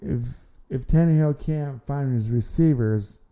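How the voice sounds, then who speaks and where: A man's voice: mid-range voice, unhurried, dark tone, smooth, lo-fi sound. A man hosting an amateur sports podcast, talking casually and rambling, often repeating words and restarting his sentences. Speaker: podcast host.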